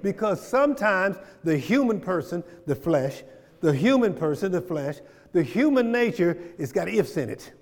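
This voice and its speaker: A man's voice: high voice, sing-song, moderate pace. Fervent man teaching in an echoing church. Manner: builds from conversational to fervent preaching; asks the room questions, repeats phrases. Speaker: Bible study teacher. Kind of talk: church teaching with call and response.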